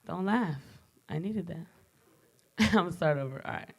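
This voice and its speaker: A woman's voice: lowish voice, expressive, moderate pace, long pauses, slightly rough. A woman in her twenties with a Bay Area accent, performing a swaggering, profane rap live at an open mic. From San Francisco Bay Area. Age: 20s. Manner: swaggering, profane, rhythmic delivery.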